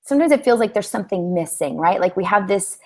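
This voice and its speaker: A woman hosting a coaching-style conversation, speaking in a meandering, reflective, gently affirming way. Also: mid-range voice, expressive, quick pace. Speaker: host.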